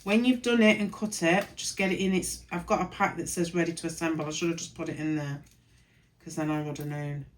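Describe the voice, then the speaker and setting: A woman's voice: sits low, fairly even intonation, a little fast, poor audio. Tired woman muttering over crafts. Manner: chatty, self-mocking, muttering to herself while working. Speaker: craft studio owner. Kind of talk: casual crafting vlog narration. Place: home craft studio.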